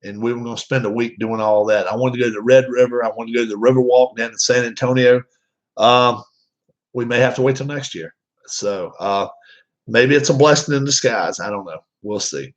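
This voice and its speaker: A man's voice: mid-range voice, brisk. Rambling man chatting, lo-fi sound. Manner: rambling, with many fillers and restarts. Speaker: vlogger. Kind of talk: casual chat to viewers. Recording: dull lo-fi sound.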